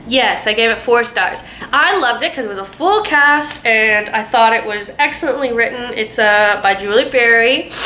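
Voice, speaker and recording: A woman's voice: mid-range voice, pushed and bright. A young woman reviewing books in a casual, rambling way, full of fillers and acted-out quotes. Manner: chatty, rambling, lots of fillers, acts out quotes. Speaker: booktuber. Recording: echoey room, faint noise.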